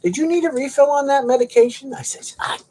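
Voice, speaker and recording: Hosting a live auction stream, a middle-aged man talks at a quick pace in a very high voice with a warm tone, over a little hiss or hum. He chats casually, rambling through joking stories and laughing a lot.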